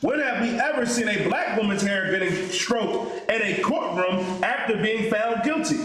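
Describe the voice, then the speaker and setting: A man with a high voice reads news items aloud in a plain, steady way. The room around him is very echoey, with a faint hiss underneath. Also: normal speed. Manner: plain, steady reading, addresses the host as sir. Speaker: reader of news items for the host.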